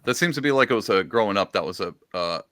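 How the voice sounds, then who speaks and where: A man hosting a podcast who listens with steady encouragement, often murmuring agreement and asking follow-up questions. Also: lowish voice, fast, smooth. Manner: encouraging, frequent "yeah, yeah" backchannels. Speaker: podcast host. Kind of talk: casual interview.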